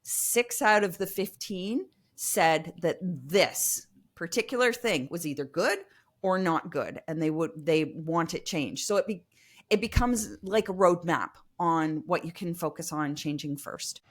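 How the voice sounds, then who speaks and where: A woman who is a guest consultant in a casual interview, explaining her work in a lively manner with many fillers. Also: lowish voice, a little slow. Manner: explanatory, lively, uses fillers like um and you know. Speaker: customer experience consultant, guest.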